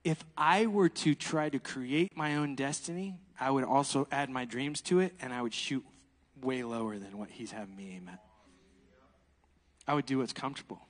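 A man preaching a sermon, animated and laughing, swinging between loud exclamations and hushed asides. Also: mid-range voice, normal speed, big-room sound.

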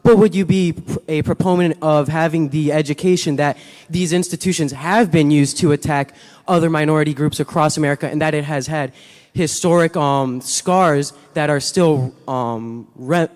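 A man with a worn, partly lost voice asking a question from the floor. He hesitates and fills his pauses, speaking a little high. The words ring out in a reverberant hall. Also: fairly even intonation, darkish tone. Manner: hesitant, many fillers. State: voice partly gone. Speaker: audience questioner. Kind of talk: audience question at a lecture.

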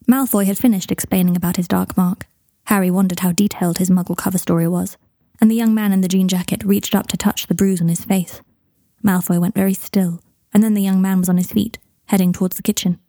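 A woman narrating fan fiction in an even, steady storytelling manner. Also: medium pitch, fairly quick, no room sound, clean studio sound. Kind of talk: reading fan fiction aloud.

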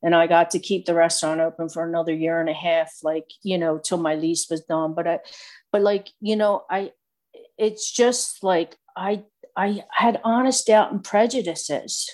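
A woman's voice: fairly low pitch, steady tone, moderate pace, a little mellow. A middle-aged woman giving a candid, rambling personal testimony full of fillers. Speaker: speaker sharing recovery story.

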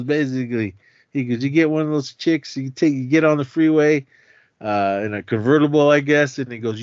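A man's voice: mid-range voice, dry recording. A man co-hosting a podcast, casually retelling a film's plot and acting out the characters' lines in raised voices, chuckling as he goes. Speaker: podcast co-host. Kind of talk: casual chat retelling a film. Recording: dry, slightly dull lo-fi audio.

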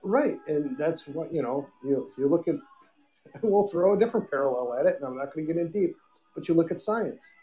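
A man's voice: on the high side, animated, fairly quick, dark tone, lo-fi sound, soft background music. A man co-hosting a casual podcast chat, loose and rambling, swearing and joking, with the hiccups. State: has the hiccups. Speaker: podcast co-host.

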